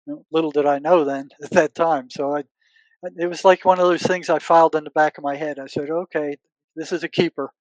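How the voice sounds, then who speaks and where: A man's voice: a little high, fairly even intonation, fairly quick, no room sound, poor audio. An older man, a retired psychotherapist interviewed as a guest, tells stories in a searching way, doubling back on his words and quoting past conversations. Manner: relives past conversations, quoting himself and others. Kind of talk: conversational storytelling.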